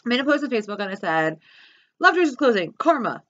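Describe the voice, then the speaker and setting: A woman's voice: a little high, sing-song, quick pace, a bit bright, highs cut off. A woman from South Jersey ranting profanely and bluntly in a vlog, talking from her car. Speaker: vlogger. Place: car with dogs.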